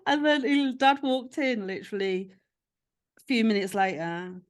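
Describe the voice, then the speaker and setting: A woman's voice: a little high, measured pace. A podcast host, chatting casually. She tells stories with lots of energy and acts out the voices of the people in them. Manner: animated storytelling, acting out quoted voices. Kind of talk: casual chat.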